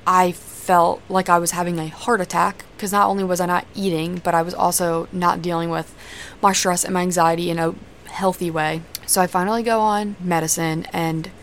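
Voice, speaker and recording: A woman's voice: lowish voice, little pitch movement, moderate pace. A young woman hosting a podcast, candidly telling a personal story in a conversational way and swearing freely. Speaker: podcast host. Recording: faint background noise.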